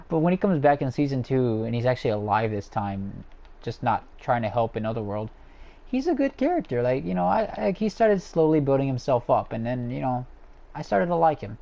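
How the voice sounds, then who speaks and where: A young man with a mid-range, gravelly, warm voice hosts a livestream from home while ranking characters. His rant is casual and profane, full of fillers and restarts.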